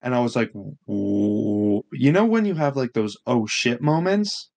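Young man telling a story, animated. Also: medium pitch, brisk. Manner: animated, swears a lot, acts out quotes. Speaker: podcast co-host. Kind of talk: casual storytelling chat.

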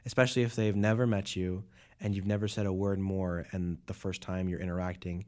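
A young man co-hosting a casual podcast, giving his take in a relaxed, rambling way. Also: deep voice, brisk, clear, resonant tone. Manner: relaxed, rambling, lots of fillers. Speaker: podcast co-host. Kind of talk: casual chat.

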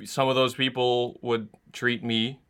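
A young man in his twenties in casual chat, talking haltingly with restarts. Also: mid-range voice, level tone, sharp tone, smooth.

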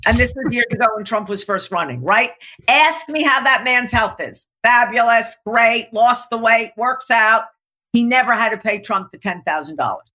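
A woman coach talking in an emphatic, animated way, acting out quotes as she tells stories and slowing down to stress her key points. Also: a little high. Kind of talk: coaching talk to an interviewer.

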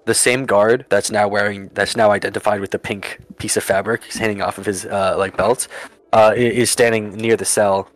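A man's voice: lowish voice, little pitch movement, moderate pace. A man narrating a tabletop game as game master, with many restarts and fillers.

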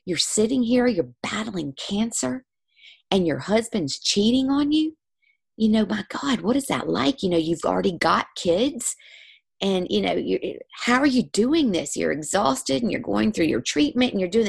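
A woman's voice: medium pitch, normal speed, vocal fry, slightly rough. A woman, a guest on a conversational show, telling stories with animation and acting out the voices of other people. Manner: animated, acts out quoted voices. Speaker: guest, spiritual healer. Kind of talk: storytelling in conversation.

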